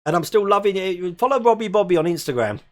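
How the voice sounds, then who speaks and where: English guy in his 40s chatting on a live stream, kinda high voice, laughs a lot, self-deprecating. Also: big pitch swings, fast. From England. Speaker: host. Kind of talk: live stream chat reading comments.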